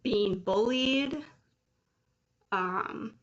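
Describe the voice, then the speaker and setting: A woman's voice: medium pitch, extremely slow. Emotional woman venting in a lo-fi vlog. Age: late 30s. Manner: raw, emotional, angry and confessional. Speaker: vlogger. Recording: dull lo-fi sound.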